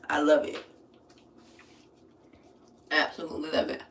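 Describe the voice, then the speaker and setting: A woman's voice: slow pace, vocal fry, pauses often, noisy background. A woman hosting a casual livestream at home, chatting through her skincare routine, reading viewer comments aloud and laughing often. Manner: laughs often, bursts into high squeals. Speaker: livestream host.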